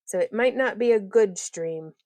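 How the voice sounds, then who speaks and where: A woman's voice: mid-range voice, normal speed, darkish tone, no room sound. A woman hosting a casual crafting livestream, rambling, giggling often and reading viewer comments aloud.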